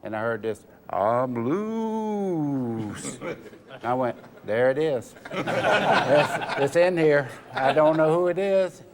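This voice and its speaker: A man telling a racing story slowly, laughing along. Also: a little high, animated, very noisy. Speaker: retired stock car driver. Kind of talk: storytelling at a reunion panel. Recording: laughing audience in a crowded room.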